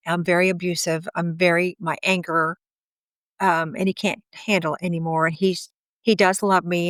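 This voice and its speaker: A woman's voice: fairly low pitch, a bit bright, dry recording, studio quality. A woman in her fifties, an interview guest, telling her own story in a candid, outspoken way with occasional laughs. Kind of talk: personal storytelling.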